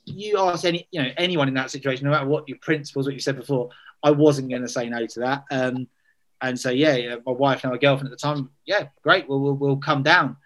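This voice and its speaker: A man's voice: mid-range voice, steady tone, fairly quick, fairly bright tone. A man, telling a story in casual chat, self-deprecating, full of fillers and restarts.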